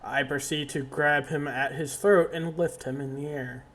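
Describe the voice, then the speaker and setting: A man's voice: fairly high pitch, steady tone, moderate pace, fairly bright tone. A man playing a tabletop game, brash and swearing as his character. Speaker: player.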